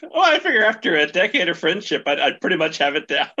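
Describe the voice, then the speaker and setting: A man's voice: sits high, pushed and bright, breathy edge. A man hosting a podcast interview, talking casually with jokes and playful asides. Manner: jokey, playful, self-mocking. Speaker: podcast host. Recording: dull lo-fi audio.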